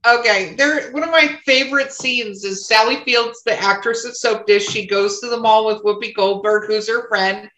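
Bright-voiced woman host in an echoey room. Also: a little high, moderate pace, hardly any pauses. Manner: conversational, asks questions. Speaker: podcast host. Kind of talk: casual interview chat.

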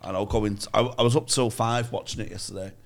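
A man's voice: fairly low pitch, fairly even intonation, fast, gravelly. Rambling, foul-mouthed man. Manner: rambling and crude, heavy swearing. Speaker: podcast guest. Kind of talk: casual podcast chat.

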